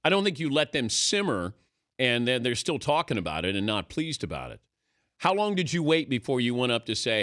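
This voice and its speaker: A man's voice: mid-range voice, big pitch swings, fairly quick, a bit bright. A man hosting a radio talk show, chatting casually and asking his crew questions. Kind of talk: casual studio chat.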